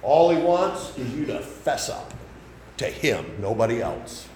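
A man preaching a sermon, folksy and conversational, swinging between loud emphasis and soft asides. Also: mid-range voice, big pitch swings, a little slow, reverberant, a little hiss or hum, rough recording.

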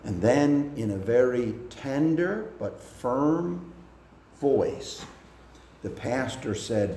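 A man preaching a sermon in a slow, deliberate way, building up in pitch and force at the high points. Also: lively intonation, a little mellow, roomy sound, a little hiss or hum.

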